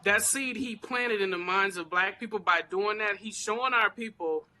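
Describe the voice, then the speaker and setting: Bright, emphatic woman in casual chat. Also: medium pitch, moderate pace. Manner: animated, emphatic, informal slang. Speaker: guest, celebrity crafter.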